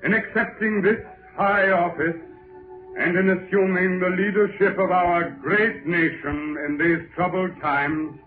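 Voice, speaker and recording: Actor as a grand speechmaker, slow lofty delivery, tinny radio sound. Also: male voice, sits high, fairly even intonation, echoey room. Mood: solemn. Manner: declamatory. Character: solemn male orator giving speeches. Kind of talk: old-time radio drama. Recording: tinny lo-fi old radio recording with music.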